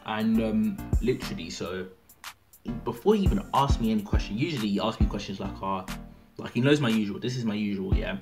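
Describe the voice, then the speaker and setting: A man's voice: lowish voice, animated, fairly quick. An eighteen-year-old man chatting casually to camera, rambling and full of fillers. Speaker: vlogger. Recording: music playing loudly behind.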